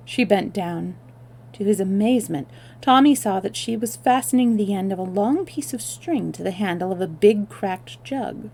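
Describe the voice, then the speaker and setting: Woman reading a book out loud on stream, expressive, fixes small slips. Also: medium pitch, moderate pace, vocal fry. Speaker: storyteller. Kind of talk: reading a novel aloud on a livestream.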